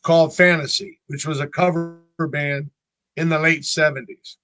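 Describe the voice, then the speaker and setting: A man's voice: a little high, steady tone, moderate pace, a bit bright, faint music behind. A man in his sixties from North Carolina, a band frontman telling stories in a casual interview and acting out other people's lines. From North Carolina, USA. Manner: chatty storyteller, acts out other people's lines.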